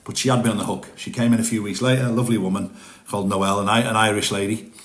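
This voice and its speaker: A man's voice: fairly low pitch, level tone, very fast, a bit bright, reverberant. A man chatting casually on a live stream from his home, rambling and self-deprecating.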